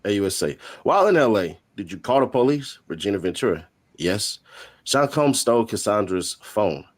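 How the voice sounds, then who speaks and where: A man hosting a stream, reading courtroom testimony aloud with quick joking asides. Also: lowish voice, lively intonation. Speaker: host. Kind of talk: reading court transcript updates.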